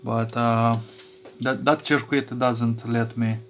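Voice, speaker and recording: With a flat delivery and a mid-range voice, a hobby electronics vlogger narrates his soldering work at the bench over slight background noise. He stumbles through fillers and restarts, chuckling now and then.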